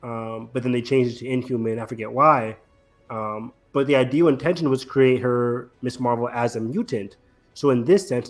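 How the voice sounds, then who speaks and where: A man hosting a casual podcast chat, talking eagerly with many fillers. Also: medium pitch. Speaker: podcast host.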